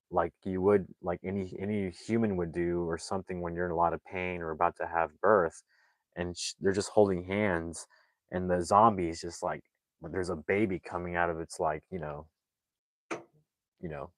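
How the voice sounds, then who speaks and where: A man's voice: deep voice, fairly bright tone, no echo, rough recording. A man recapping a movie plot in a casual, rambling way, full of "like" fillers and restarts. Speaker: movie reviewer.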